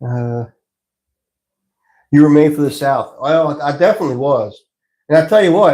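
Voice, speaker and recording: Easygoing potter chatting, a touch high. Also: male voice, moderate pace, long pauses, dark tone. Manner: easygoing, rambling, chuckles often. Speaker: potter hosting a live stream. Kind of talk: casual live-stream chat while working.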